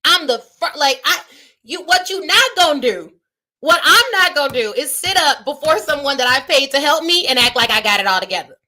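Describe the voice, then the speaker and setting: A woman in her thirties gives a motivational talk on a live stream in a bright, forceful voice. She talks straight to her viewers with a preacher-like rhythm, pressing each point home. Her pitch sits a little above the usual for a woman. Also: animated, fairly quick. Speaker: business coach and show host. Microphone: phone or webcam on a live stream.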